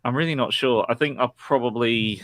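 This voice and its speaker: A man's voice: medium pitch, a bit bright, dry recording. Hesitant man on a podcast. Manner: hesitant, halting. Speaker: podcast panelist. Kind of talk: football podcast chat.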